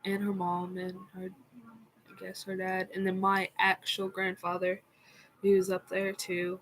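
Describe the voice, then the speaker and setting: Female vlogger, soft-spoken, halting, slow delivery, faint noise behind. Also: medium pitch, completely flat delivery, poor audio. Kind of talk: casual personal storytelling.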